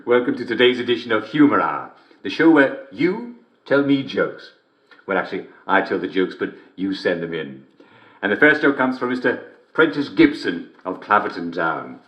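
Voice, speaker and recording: A giggling cheery radio host. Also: male voice, on the low side, big pitch swings, moderate pace, a bit bright, roomy sound. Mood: chuckling. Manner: chuckles constantly between lines. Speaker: radio comedy show host. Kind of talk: in-game radio broadcast.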